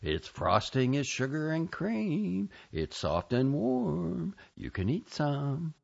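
A man voicing the tempting voice of bacteria inside a narrator's head, slow and coaxing, in a dull lo-fi recording. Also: fairly high pitch, huge pitch swings, vocal fry, darkish tone, pitched above the performer's own voice, full character voice.

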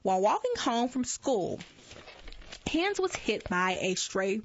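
A woman reading magazine articles aloud at an unhurried pace, often stumbling over words and correcting herself. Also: fairly high pitch, big pitch swings, slight background noise. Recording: dull lo-fi dry recording.

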